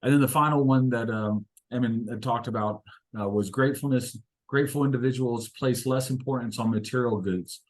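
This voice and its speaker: A man leads an inspirational discussion and tells stories along the way. He speaks at a middle pitch and pauses often with fillers. His delivery is reflective and unhurried. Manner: hesitant, many fillers, reflective. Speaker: discussion leader. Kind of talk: inspirational talk with storytelling.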